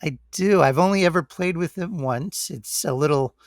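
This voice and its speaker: A man co-hosting a podcast in casual chat, relaxed and rambling. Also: on the high side, normal speed, no room sound, studio quality. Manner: relaxed, rambling, says "like" and "you know" a lot. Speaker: podcast co-host.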